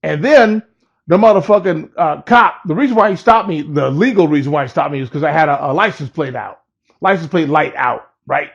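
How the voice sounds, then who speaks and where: Gravelly man telling a profane story. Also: fairly high pitch, fairly quick. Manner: profane, laid-back, laughs at his own story. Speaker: rapper telling a personal story. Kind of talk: casual storytelling. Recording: dull lo-fi recording.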